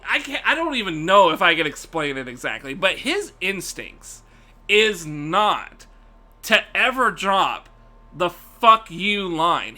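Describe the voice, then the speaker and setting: A man's voice: sits high, sharp tone. A man streaming live, ranting casually and profanely to his chat, laughing often.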